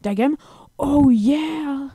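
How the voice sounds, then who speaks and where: A young woman hosting a gaming channel, giving excitable let's-play commentary with bursts of repeated words. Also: sits high, a little slow, dry recording, clean studio sound.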